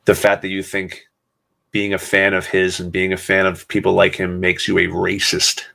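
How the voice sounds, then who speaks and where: A man hosting a solo podcast, talking in a somber, sarcastic way with many pauses. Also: low-pitched, monotone, vocal fry, pushed and bright. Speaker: podcast host.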